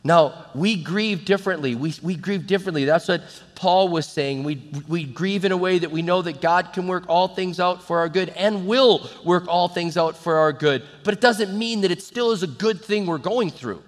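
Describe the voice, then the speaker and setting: Pastor preaching in a reverberant hall. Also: male voice, sits high, normal speed. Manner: conversational, animated preaching with asides. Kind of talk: sermon.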